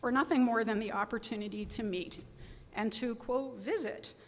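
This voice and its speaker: A woman's voice: a little high, normal speed. A woman giving a sermon as guest preacher, telling a personal story in an earnest, reflective way. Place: church sanctuary. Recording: long reverb of a church sanctuary.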